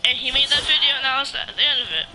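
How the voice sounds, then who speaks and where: Rapid-fire and sharp in tone, a man's very high voice carries a casual vlog rant about gaming; he's a YouTuber. He rambles with many restarts and fillers and swears from time to time, against a noisy background hum.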